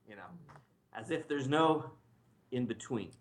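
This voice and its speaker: Male rabbi, chatty lunchtime teacher, quick with jokes, roomy sound. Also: mid-range voice, fairly bright tone. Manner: joking, laughs often, asks students to read. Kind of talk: casual lunchtime Torah class. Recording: echoey room.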